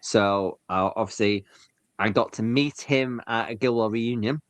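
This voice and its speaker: A man's voice: fairly low pitch, unhurried, dry recording. A man from Hull with a Yorkshire accent, a guest telling stories in a casual podcast chat. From Hull, England. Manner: chatty, self-deprecating storyteller. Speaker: guest, scouting media creator.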